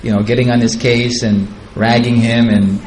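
Man, spiritual teacher, devotional storytelling, chatty and digressive, chuckles often, middle-pitched, faint background hum. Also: level tone, moderate pace, a little mellow, low-quality recording. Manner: chatty and digressive, chuckling at his own asides.

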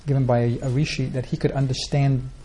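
A man's voice: medium pitch, level tone, quick pace, dark tone, slight background noise. A man answering questions at a religious gathering, telling scripture stories in a rambling way, with many restarts. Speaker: spiritual teacher answering questions. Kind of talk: informal religious Q&A talk.

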